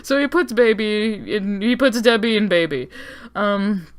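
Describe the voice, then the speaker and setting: A woman's voice: mid-range voice, unhurried, clean tone. A young woman recapping a story timeline in a sarcastic, rambling way with lots of swearing. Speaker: lore recap narrator. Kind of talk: comedic lore recap.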